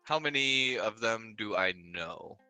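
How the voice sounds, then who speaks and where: A man's voice: on the low side, lively intonation, slow pace, pushed and bright, smooth, dry recording, faint music behind. A man playing a tabletop game, hesitant and focused on the rules. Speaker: player. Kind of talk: casual tabletop play.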